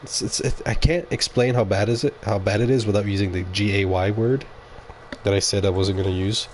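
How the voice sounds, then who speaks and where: A man with a fairly low, fairly even voice talks briskly over slight background noise. He's streaming a game and chatting casually with his audience in a rambling, opinionated monologue, often correcting himself mid-sentence.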